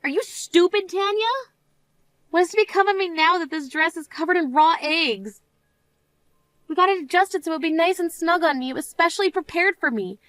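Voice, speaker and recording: A woman's voice: very high-pitched, animated, a little fast, a bit bright, no echo. A woman playing a firm, self-assured young bride. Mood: upset. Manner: indignant, then cool and firm. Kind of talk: amateur voice drama.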